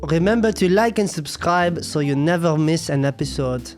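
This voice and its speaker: A man's voice: a little high, moderate pace, soft background music. A young man hosting a casual podcast with his mother, playful and jokey. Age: young adult. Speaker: podcast host. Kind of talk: casual chat.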